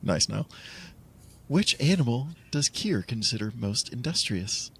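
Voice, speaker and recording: A man voicing a calm, mechanical intercom voice that politely and insistently runs a survey. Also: medium pitch, a little slow, slightly rough, voice pushed up, exaggerated voice. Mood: calm coaxing.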